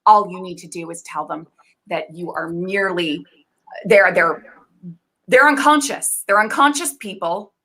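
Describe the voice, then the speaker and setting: A woman's voice: lowish voice, unhurried, pushed and bright, full character voice, poor audio. Bossy, condescending corporate executive woman, as an actress plays her; pompous, heavy on jargon, improvised comedy. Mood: haughty. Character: bossy female biotech executive, pompous and dismissive.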